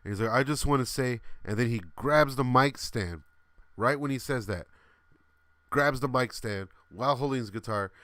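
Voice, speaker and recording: A man's voice: mid-range voice, moderate pace, fairly bright tone, no echo. A man in his thirties hosting a livestream, telling a rambling, laughing story with many fillers and some swearing. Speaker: livestream host.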